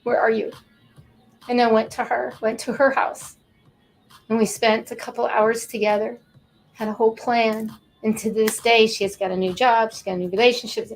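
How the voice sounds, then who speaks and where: A woman's voice: on the high side, steady tone, normal speed, faint music behind, rough recording. Emotional woman telling a heartfelt story. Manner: emotional, repeats words, emphatic. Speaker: show co-host and counselor. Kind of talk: heartfelt storytelling on a talk show.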